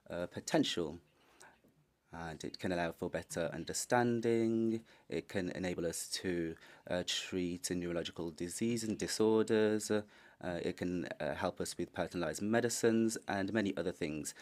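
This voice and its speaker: A man interpreting a panelist's Spanish into English on the fly, halting with many fillers. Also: low voice, darkish tone. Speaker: conference interpreter. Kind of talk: simultaneous interpretation.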